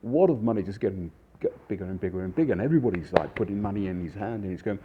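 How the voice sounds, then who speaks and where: A man, a chef, telling stories from his career in a rambling, animated way with many fillers. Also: on the low side, racing, narrow, tinny audio, background noise. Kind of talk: casual storytelling.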